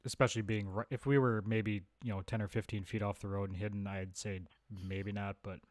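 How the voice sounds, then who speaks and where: A man's voice: fairly low pitch, flat delivery, brisk, dry recording, studio quality. A man playing a tabletop game, talking in a laid-back, matter-of-fact way. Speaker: player. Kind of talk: casual tabletop play.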